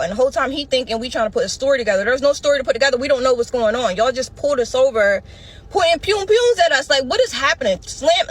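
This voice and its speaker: A woman's voice: a little high, slightly rough. Woman telling a dramatic storytime. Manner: breathless, dramatic retelling with slang and direct address. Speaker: storyteller in a clip being reacted to. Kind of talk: animated personal storytime.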